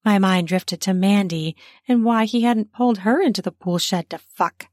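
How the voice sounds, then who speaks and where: A woman narrating an erotic story in the first person, soft and breathy, sometimes dropping to a whisper. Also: medium pitch, normal speed, no echo, clean studio sound.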